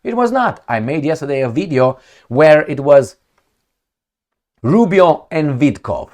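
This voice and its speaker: A man's voice: on the high side, big pitch swings, unhurried, a little mellow. A man giving opinionated commentary on news headlines, mocking and emphatic, often repeating himself for effect. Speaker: political commentator.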